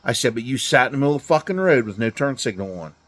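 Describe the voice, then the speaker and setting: A man's voice: mid-range voice, lively intonation, fast talker, fairly bright tone. A middle-aged man telling a story in a garage, blunt and full of swearing, acting out both sides of a conversation. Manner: profane, blunt, acts out dialogue. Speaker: truck driver telling a story. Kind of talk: casual storytelling. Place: garage during a car event.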